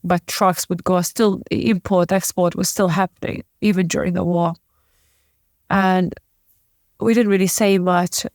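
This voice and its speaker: A woman from the former Yugoslavia, a guest in an interview, telling a personal story in a halting, emotional way with restarts. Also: lowish voice, steady tone, darkish tone, no room sound, studio quality. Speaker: podcast guest.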